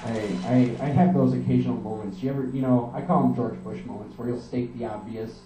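A young man doing a rambling, energetic stand-up style monologue, talking fast and swearing often. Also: medium pitch, echoey room, far from the mic, a little hiss or hum, low-quality recording. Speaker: comedian.

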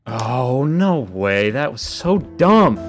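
A man's voice: mid-range voice, sing-song, slow pace, music in the background. A man reacting live as he plays a hard game level, with exasperated, self-scolding outbursts. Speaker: gamer playing a hard level.

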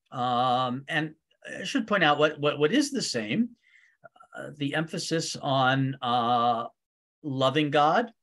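Leading a weekly Torah study class, a man reads Hebrew verses aloud and translates them line by line, filling pauses with frequent ums and uhs. His voice is of ordinary pitch with a fairly bright tone.

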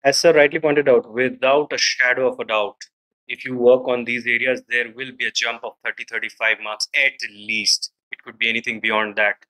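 A man's voice: medium pitch, fairly even intonation, normal speed, bright, forceful tone, rough recording. A man with an Indian accent giving direct feedback as an interview panelist, switching between Hindi and English.

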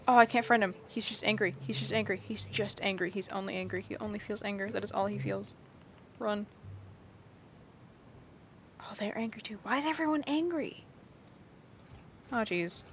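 A woman's voice: mid-range voice, moderate pace, long pauses. A young woman giving casual, rambling let's-play commentary, playful and often reassuring herself. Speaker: gameplay streamer. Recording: dull lo-fi mic with faint hiss.

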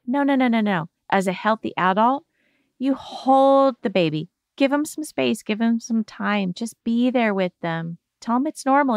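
A woman hosting a self-help show, explaining a healing exercise in a gentle, reassuring coaching tone. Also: on the high side, animated, measured pace, no echo, clean studio sound. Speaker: podcast host giving therapy advice.

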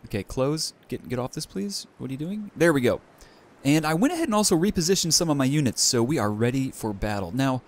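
A young man hosting a let's play, giving excited, enthusiastic gameplay commentary. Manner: enthusiastic, bursts of high excitement.

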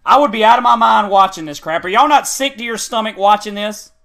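A man giving raging gameplay commentary, ranting furiously, yelling insults and repeating himself. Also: high-pitched, a little fast, gravelly. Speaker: video game streamer.

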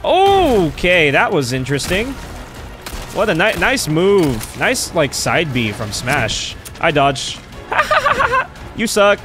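A man doing excitable gameplay commentary, trash-talking and swearing at enemies. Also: high voice, slow. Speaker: let's play streamer. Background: game music.

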